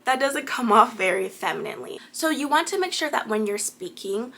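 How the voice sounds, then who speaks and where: A woman's voice: on the high side, animated, a little fast, creaky, a bit bright, faint music behind. A woman giving friendly, chatty advice in a casual vlog, often checking in with "right?". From Caribbean family background. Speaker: lifestyle vlogger.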